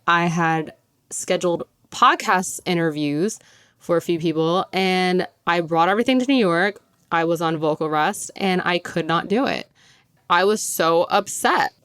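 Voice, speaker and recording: A young woman hosting her own podcast, speaking in a smooth, somewhat low voice. She chats casually, fills her sentences with "like" and laughs often. The sound is dry and close. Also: dry recording. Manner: chatty, filler-heavy with frequent "like"; laughs often while talking. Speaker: podcast host. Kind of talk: casual chat.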